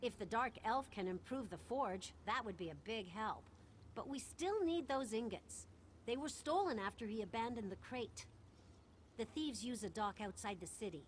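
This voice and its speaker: A woman's voice: a little high, expressive, normal speed, a little hiss or hum, lightly acted. An actress voicing a busy, blunt woman who works at a forge, in game character dialogue. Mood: matter-of-fact.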